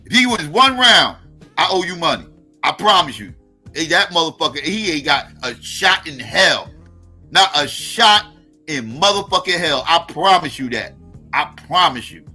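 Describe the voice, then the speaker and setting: A man hosting a live stream, reacting in a heated, profane rant with repeated, drawn-out emphasis. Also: on the high side, big pitch swings, sharp tone, husky, faint music behind.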